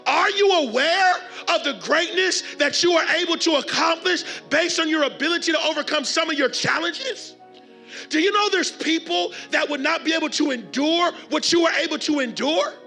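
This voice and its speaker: A man delivering a motivational keynote to a conference crowd, preacher-style, with call and response and shouted refrains. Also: very high voice, moderate pace, creaky, soft background music. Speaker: keynote speaker. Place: large conference hall with audience.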